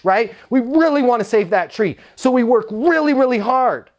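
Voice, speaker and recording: A man giving an energetic, conversational sales talk built around a story. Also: sits high, normal speed, few pauses. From United States. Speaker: sales speaker.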